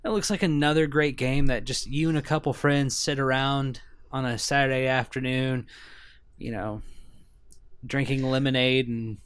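A man's voice: mid-range voice, steady tone, normal speed, clean tone, dry recording, clean studio sound. A man co-hosting a video game podcast, easygoing and joking in casual chat. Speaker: podcast co-host.

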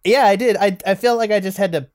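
A man's voice: sits high, fairly even intonation, quick pace, a little mellow, dry recording, studio quality. A man chatting casually as a podcast film reviewer, rambling and self-deprecating with many restarts.

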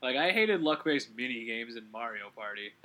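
A man hosting a relaxed gaming commentary, rambling and correcting himself as he talks, with quick laughs. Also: mid-range voice. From Canada. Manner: rambling, self-correcting, giggly. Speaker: let's play host.

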